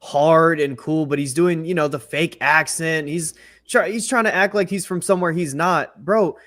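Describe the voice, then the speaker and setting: A man's voice: fairly high pitch, moderate pace, fairly bright tone, no room sound. A young man co-hosting a wrestling show, talking in casual chat and giving blunt, emphatic criticism. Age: young adult. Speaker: wrestling podcast co-host.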